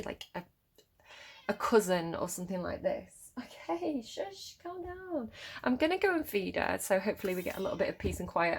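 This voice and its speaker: A woman's voice: medium pitch, gravelly. A woman doing a casual tarot reading at home, chatty and rambling, with lots of fillers and a hyper, giddy energy. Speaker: tarot card reader.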